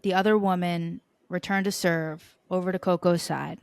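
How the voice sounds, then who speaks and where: A woman hosting a podcast, telling sports stories in an animated, playful and profane way. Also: on the low side, moderate pace, vocal fry, dry recording, studio quality. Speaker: podcast host. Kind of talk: casual sports chat.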